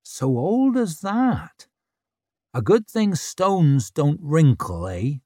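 Guy doing a cheeky young chieftain woman, teasing, voice pitched up and bouncy. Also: big pitch swings, very slow, mellow, dry recording, studio quality, full character voice. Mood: mocking. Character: brash young northern woman chieftain, mocking.

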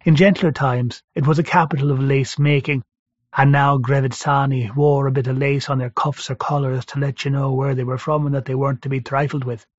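A man narrates a first-person story as an audiobook reader, dry and conversational. His voice is of middling pitch, the room is dead and the recording slightly dull. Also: little pitch movement, fairly quick, dry recording.

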